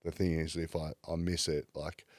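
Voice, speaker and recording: Deep-voiced man, candid and casual. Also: little pitch movement, normal speed, darkish tone, no echo, clean studio sound. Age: 30s. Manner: casual, swears freely, many "like" fillers. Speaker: podcast guest. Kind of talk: candid personal storytelling.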